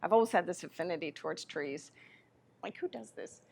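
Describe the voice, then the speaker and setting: Animated woman telling spiritual anecdotes. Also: lowish voice, a little fast, creaky. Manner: animated anecdotes with self-corrections. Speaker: spiritual teacher giving a lecture. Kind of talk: live lecture storytelling.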